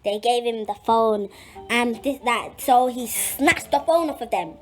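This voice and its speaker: A young woman telling a dramatic story vlog, animated and swearing freely. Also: fairly high pitch, unhurried. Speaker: vlogger.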